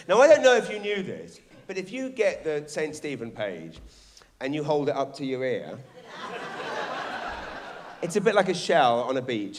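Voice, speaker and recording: A man doing a stand-up comedy set on a theatre stage, telling stories animatedly, acting out characters and swearing. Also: fairly high pitch. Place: theatre stage before a live audience. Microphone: stage microphone.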